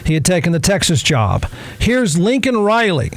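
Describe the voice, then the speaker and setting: Snarky male talk host with a high voice, casual and irreverent. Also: big pitch swings, moderate pace. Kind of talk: casual sports commentary.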